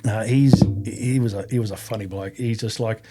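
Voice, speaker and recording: With a fairly low, warm voice, a man in his fifties from Australia recounts his army days as an interview guest. His tone stays steady at normal speed while he rambles, drops fillers, and swears casually.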